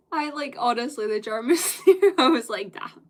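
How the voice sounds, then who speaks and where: A woman's voice: high-pitched, sing-song, a little slow. A woman chatting casually on a live stream, rambling with lots of fillers and casual swearing.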